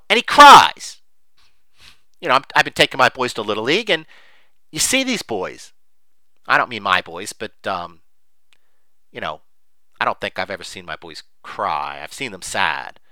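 A man's voice: on the high side, bright, forceful tone, no room sound. A middle-aged man giving an unscripted, emphatic monologue on investing, rambling with many fillers. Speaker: investing commentator.

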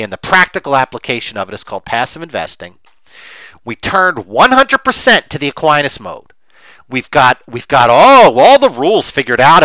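A man's voice: a little high, pushed and bright, no room sound, low-quality recording. Guy ranting on his podcast, fired up, lots of restarts, dry close sound. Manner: impassioned, emphatic, with many restarts. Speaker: podcast host. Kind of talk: opinionated podcast talk.

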